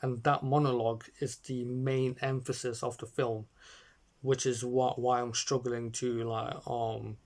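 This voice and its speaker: A man's voice: mid-range voice, level tone, a little slow, darkish tone. A man reviewing a short film in a casual, rambling way, full of fillers and restarts, talking into a phone or webcam. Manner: hesitant, many fillers and restarts.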